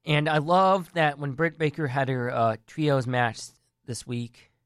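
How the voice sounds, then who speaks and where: A man's voice: mid-range voice, steady tone, unhurried, a bit bright, clean tone, dry recording, studio quality. A man giving casual wrestling news and opinions, earnest and rambling, often restarting his sentences. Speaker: wrestling commentary vlogger.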